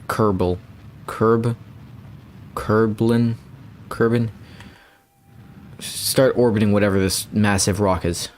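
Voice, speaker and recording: A young man giving rambling, playful gameplay commentary, with bursts of excitement when things go his way. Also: on the low side, slight background noise. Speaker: gamer.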